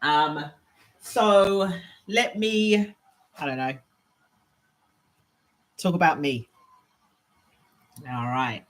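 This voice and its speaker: A leadership trainer with an English accent hosts a live Q&A, her voice low-pitched and extremely slow with frequent pauses. Moving around her home on the stream, she chats and rambles, thinking aloud.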